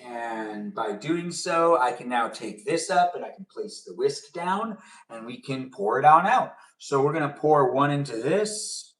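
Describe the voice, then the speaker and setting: A young man chats loosely while he cooks on a live stream, wandering from thought to thought and answering viewers aloud. His voice sits at an ordinary middle pitch. It comes through a touch distant, as if the mic sits somewhere across the kitchen. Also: expressive, measured pace, few pauses, a bit bright. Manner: rambling, chatty, answers viewers' comments aloud. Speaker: live streamer making pudding. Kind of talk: casual live-stream chat while cooking. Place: home kitchen.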